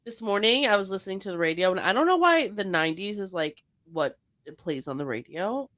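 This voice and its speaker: A woman's voice: mid-range voice, animated, brisk, fairly bright tone. A woman co-hosting a podcast in casual chat, full of likes and fillers. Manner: chatty, many likes and fillers. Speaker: podcast co-host.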